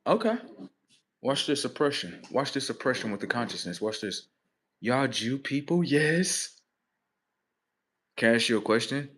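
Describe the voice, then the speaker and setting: A man hosting a livestream, swearing heavily in a mocking rant that swings between loud high outbursts and low muttering. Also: expressive, moderate pace. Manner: heavy swearing, mocking, talks at the audience. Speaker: livestream host.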